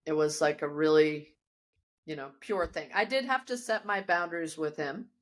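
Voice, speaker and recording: A woman yoga teacher, a podcast guest, telling a personal story in a lively, animated way with frequent restarts, recorded in her studio. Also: sits low, moderate pace. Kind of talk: casual storytelling interview.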